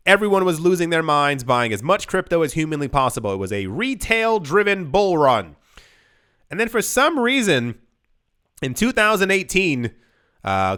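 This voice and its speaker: Sarcastic man with a smooth high voice. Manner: sarcastic, animated, joking asides. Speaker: crypto YouTube host. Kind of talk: casual news commentary.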